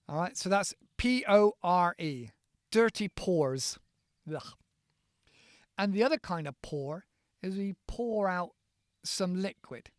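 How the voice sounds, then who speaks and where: A man from the United Kingdom, teaching in a chatty, playful podcast lesson and slowly spelling words out letter by letter. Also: sits high, no room sound, clean studio sound.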